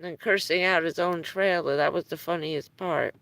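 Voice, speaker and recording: A woman talks slowly on a live stream, her voice gravelly with fry and a bright edge. She rambles through stories in casual chat, chuckling between phrases. The sound is dry and close. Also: lowish voice, steady tone, no echo.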